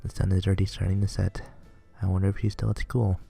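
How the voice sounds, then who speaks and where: A man reads a visual novel aloud, earnest and plain, stumbling now and then. His voice is very low, dark and creaky. Faint music plays underneath. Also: monotone, fast. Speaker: reader playing a visual novel.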